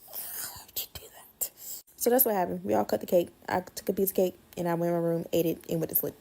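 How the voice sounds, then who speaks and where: Gravelly, husky woman telling a story. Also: fairly low pitch, very fast. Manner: animated, blunt, swears freely, repeats words for effect. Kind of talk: casual storytime.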